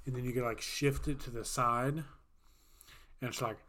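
A man's voice: mid-range voice, steady tone, fairly quick, a bit bright. A man co-hosting a casual podcast, joking and rambling. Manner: jokey, rambling, playful put-on voices. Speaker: podcast co-host. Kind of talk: casual chat.

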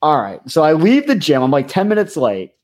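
A man in his forties, co-hosting a podcast in a halting, rambling way and telling a story about picking up his son. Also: fairly high pitch, huge pitch swings, a little mellow. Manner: rambling, halting, self-deprecating. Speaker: podcast co-host. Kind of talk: casual banter.

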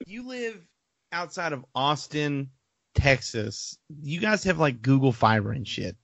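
A man's voice: fairly high pitch, big pitch swings, a little slow, creaky, fairly bright tone, no echo. A man co-hosting a casual podcast over a remote call, teasing his co-hosts with profane wisecracks. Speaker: podcast co-host. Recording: dry, dull lo-fi online call.

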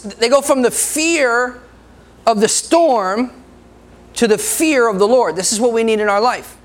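A man preaching a sermon, joking with the people in the room and laughing often between points. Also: very high voice. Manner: laughs often, jokes with the congregation.

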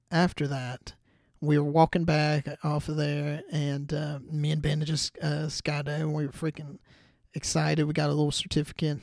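Animated young man telling a story. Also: on the high side, creaky, no echo, studio quality. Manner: rambling, many fillers and restarts; animated, acts out his own reactions. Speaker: podcast host. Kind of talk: casual storytelling.

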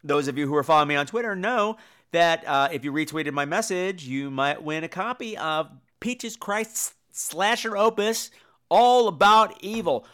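A man's voice: on the high side, normal speed, a bit bright, clear, resonant tone. A man hosting a comedy podcast, ranting in a campy, profane way and acting out the people he quotes. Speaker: podcast host. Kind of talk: comedic rant.

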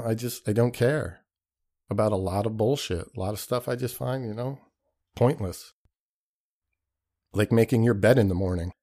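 A low-voiced man hosts a podcast, rambling through a casual comedic monologue. He swears freely, mocks himself and acts out the people he quotes. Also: a little mellow. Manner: rambling, profane, self-deprecating. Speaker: podcast host.

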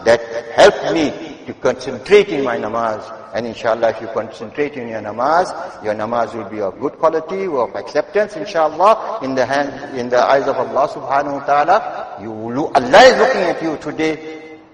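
An older man giving a Friday sermon in a mosque, moving from quiet asides to loud, emphatic exhortation and wry teasing of the congregation. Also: mid-range voice, lively intonation, brisk. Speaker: mosque preacher. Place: mosque prayer hall. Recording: echoey hall with long reverb.

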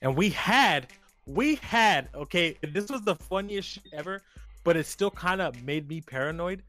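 A man's voice: sits high, lively intonation, moderate pace, fairly bright tone, faint music behind. A man co-hosting a casual podcast, telling a story animatedly with slang and plenty of swearing. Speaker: podcast co-host. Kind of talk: casual chat.

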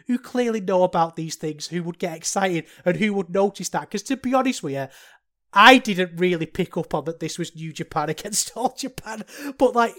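A chatty voice talking through a wrestling match alone, casual and conversational. The talk wanders off into asides and self-mocking remarks, with a middle-of-the-road pitch. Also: a bit bright. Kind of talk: solo casual review podcast.

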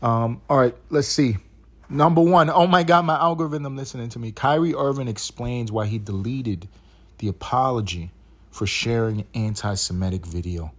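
A man hosting a solo podcast from his bed, ranting in a rambling, profane, animated way. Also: medium pitch, normal speed, slightly rough. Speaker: podcast host. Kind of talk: solo casual podcast rant.

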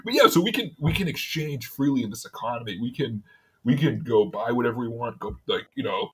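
A man's voice: medium pitch, animated, brisk, breathy edge. A man from in casual chat, telling stories with lots of restarts and frequent laughter. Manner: rambling storyteller, laughs often, many restarts. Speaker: city worker, podcast guest.

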